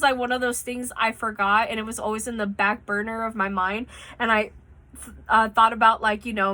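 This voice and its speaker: A woman's voice: a little high, bright, forceful tone. A young woman vlogger telling a rambling personal story in casual, chatty talk, swearing freely, recorded on a phone. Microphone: phone mic.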